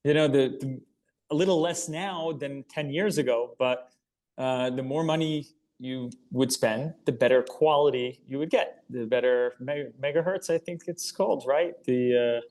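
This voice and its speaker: A man with a mid-range voice talks as a guest in a relaxed interview. He explains his business plainly and earnestly. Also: medium pitch, unhurried. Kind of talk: casual interview chat.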